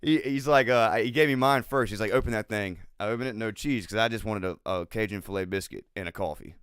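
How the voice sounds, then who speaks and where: A man co-hosting a live podcast, telling stories in an animated way, swearing and laughing often. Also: fairly low pitch, fast talker, smooth, dry recording, studio quality. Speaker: podcast co-host. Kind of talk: casual live podcast chat. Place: live show recording.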